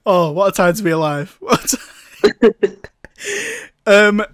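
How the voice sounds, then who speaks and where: A young male podcast host with a fairly high voice chats in a bubbly, giggly manner. He trips over and restarts his sentences. The sound is close and dry, with no room echo. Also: huge pitch swings, takes it slowly. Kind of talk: casual podcast hosting.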